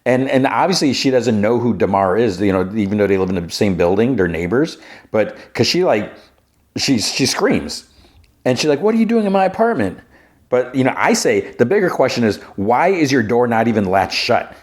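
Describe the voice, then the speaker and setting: A man hosting a podcast, casually retelling a TV episode and jumping up in pitch to act out the characters' lines. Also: normal speed. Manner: animated retelling, acting out characters' lines in a raised voice. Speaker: podcast host. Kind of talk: casual movie and TV recap.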